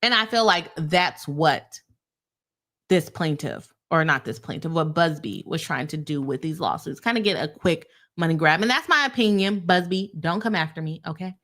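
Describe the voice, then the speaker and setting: A young adult woman hosting a casual live-stream legal commentary, talking to her viewers in an animated, heated way and calling them "y'all". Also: low voice, moderate pace.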